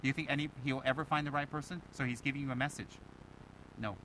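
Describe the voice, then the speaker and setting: A Buddhist teacher giving a dharma talk to students, animated and emphatic, firing rhetorical questions and mimicking other people. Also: male voice, mid-range voice, fast talker, slight background noise, rough recording.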